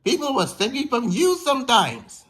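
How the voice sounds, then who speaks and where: A man's voice: very high-pitched, huge pitch swings, moderate pace, fairly bright tone, pitched above the performer's own voice, heavily acted. A man voicing a blunt, teasing male engine in a toy train story.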